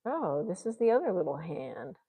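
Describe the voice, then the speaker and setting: A woman's voice: fairly low pitch, very animated, normal speed, warm tone, slightly rough, in a large hall. A woman artist vlogging as she paints, musing and muttering to herself and encouraging herself along. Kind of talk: thinking aloud while painting.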